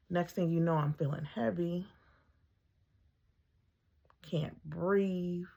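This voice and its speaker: A woman's voice: lowish voice, unhurried, vocal fry, pauses often, dark tone, muffled recording. A middle-aged woman, a mother, telling her own story in a casual, conversational way, full of ums and acting out her own thoughts.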